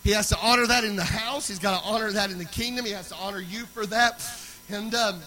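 High-voiced preacher, sung loud bursts. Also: male voice, fast talker, rough recording. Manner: swings from loud sung preaching to quiet storytelling. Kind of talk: storytelling sermon.

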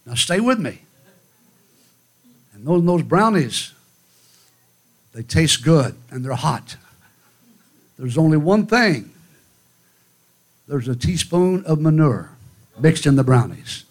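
A man's voice: on the high side, very animated, takes it slowly, pauses often. A man preaching a fiery revival sermon at a church conference, with emphatic, rhythmic repetition. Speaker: guest preacher.

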